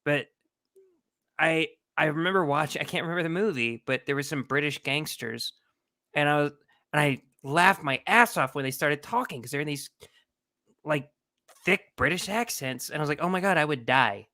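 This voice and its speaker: Bright, jokey male voice. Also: a little high, lively intonation, normal speed. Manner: jokey, laughs at himself. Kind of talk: casual podcast chat.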